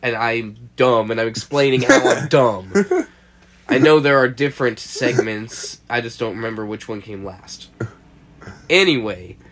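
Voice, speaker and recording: A man's voice: medium pitch, moderate pace, fairly bright tone. A young man casually chatting on a podcast, telling a rambling story, laughing and swearing as he goes. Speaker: podcast co-host.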